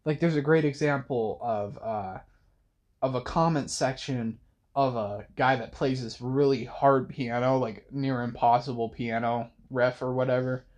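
A man's voice: medium pitch, fairly even intonation, unhurried, darkish tone. Rambling young man musing late at night. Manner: rambling, with many fillers and restarts. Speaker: podcast host. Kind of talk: casual late-night monologue.

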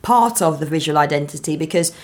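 A woman answering interview questions as a guest, explaining in a measured way with frequent ums. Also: low voice, animated. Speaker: guest, marketing founder.

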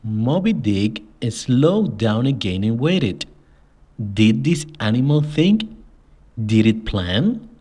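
Slow, measured man narrator. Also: mid-range voice, very animated, dark tone, husky. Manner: slow, measured storytelling read. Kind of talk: scripted audiobook narration.

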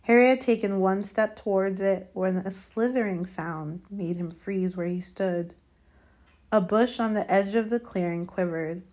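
Low-voiced woman reading a story aloud. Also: a little mellow. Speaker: audiobook reader. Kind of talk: storybook narration.

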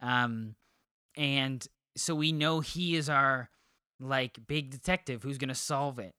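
A man's voice: medium pitch, steady tone, slow, sharp tone, smooth, dry recording, clean studio sound. A man co-hosting a movie podcast, chatting casually with many ums and restarts. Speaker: podcast co-host. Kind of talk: casual chat.

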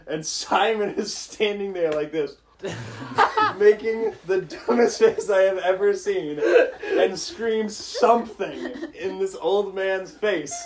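A young man chatting casually with friends, telling a funny story with lots of laughter. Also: sits high. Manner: animated storyteller, often laughing. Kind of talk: casual chat among friends.

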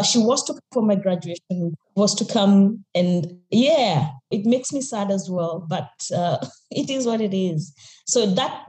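Mellow-voiced Kenyan woman in an echoey room. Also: medium pitch. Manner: reflective, candid, frequent laughs and restarts. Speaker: podcast guest. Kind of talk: podcast interview.

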